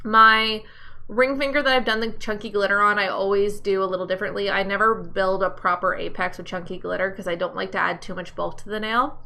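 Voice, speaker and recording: Bright, chatty woman streamer. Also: medium pitch, steady tone, brisk, slight background noise. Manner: upbeat, chatty, greets viewers by name. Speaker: nail tutorial livestream host. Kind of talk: casual live-stream chat and tutorial.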